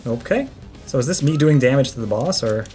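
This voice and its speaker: A young woman playing a video game and reacting excitably, often swearing and laughing. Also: a bass voice, a little fast, soft background music. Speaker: let's play player. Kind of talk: casual game commentary.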